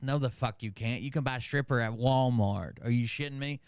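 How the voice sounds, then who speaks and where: A man's voice: mid-range voice, moderate pace, few pauses, darkish tone, clean tone, no echo, studio quality. A man hosting a casual commentary show, reading comments aloud and mocking them with sarcastic, profane asides.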